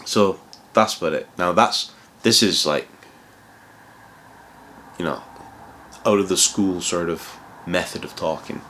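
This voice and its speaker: Deep-voiced man rambling through career tips. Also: slow pace, long pauses, sharp tone, slight background noise. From outside England, moved there. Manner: rambling, full of restarts and "you know". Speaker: cloud consultant giving career advice. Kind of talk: casual advice vlog.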